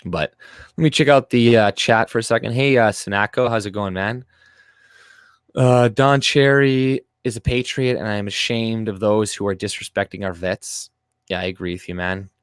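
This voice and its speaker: A young man with a lowish voice, his first language French, talks straight into a close mic in a dry, dead room. He rants to his livestream chat, swearing freely and mocking in a sarcastic tone. The delivery is loose and off the cuff. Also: normal speed, clean tone, dry recording. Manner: profane, ranting, sarcastic. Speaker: livestream host. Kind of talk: casual livestream chat, reading comments aloud.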